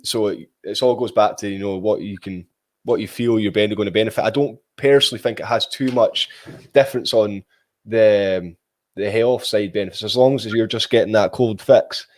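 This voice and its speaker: A young Scottish man chatting casually as a guest, rambling with lots of fillers and restarts. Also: lowish voice. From Scotland. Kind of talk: casual video call chat.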